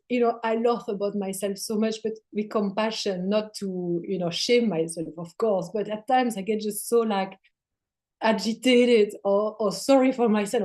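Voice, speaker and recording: Speaking at a medium pitch, a female spiritual teacher joins a laid-back talk on spirituality as a guest. Casual swearing comes easily to her, and at times her voice sinks to a soft near-whisper.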